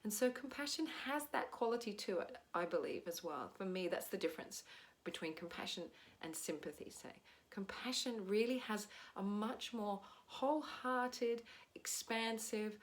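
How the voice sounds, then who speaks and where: An Australian woman giving a soft, gentle spiritual talk as a teacher. She often checks in with "right?". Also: mid-range voice, normal speed.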